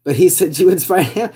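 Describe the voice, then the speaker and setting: Husky, dark-voiced man rambling on a livestream. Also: high-pitched. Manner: rambling, hesitant, reads out viewer comments. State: voice recovering from hoarseness. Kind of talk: casual live stream chat.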